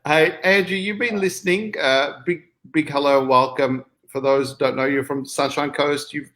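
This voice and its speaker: A man's voice: a little high, fairly even intonation, normal speed, pushed and bright. A man hosting a live online discussion over a video call, upbeat and speaking directly to his viewers. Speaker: host.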